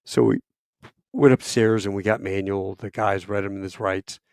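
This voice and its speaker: A man in his fifties, a podcast guest telling a casual story, profane, with loud bursts and quiet asides. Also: sits low, fairly even intonation, normal speed, clear, resonant tone, no echo, studio quality.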